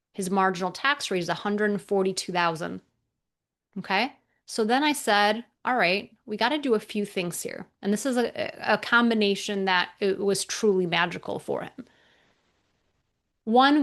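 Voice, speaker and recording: A woman tax accountant giving a recorded educational presentation in an emphatic, energetic way, using rhetorical questions to press her points. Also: medium pitch.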